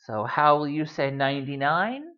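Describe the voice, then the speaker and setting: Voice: mid-range voice, animated, smooth. Patient teacher with a slightly dull sound. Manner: patient, repeats words slowly for learners. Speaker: Spanish teacher. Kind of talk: recorded language lesson.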